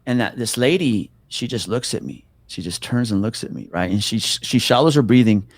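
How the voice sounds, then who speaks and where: A middle-aged police officer, medium in pitch and moderate in pace, tells a story with no echo on the recording. He swears freely in this casual interview and animatedly mimics the people he's describing.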